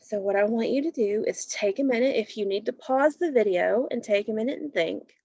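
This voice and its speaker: A woman teacher giving a recorded phonics lesson to children, explaining patiently and clearly. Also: on the high side, a little fast, darkish tone, no room sound. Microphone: computer mic while screen sharing. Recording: dull lo-fi recording.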